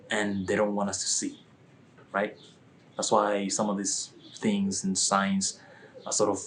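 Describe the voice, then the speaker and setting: A man's voice: sits low, a little hiss or hum, rough recording. A man telling a personal spiritual testimony in a rambling way, with many restarts and repeats. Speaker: vlogger.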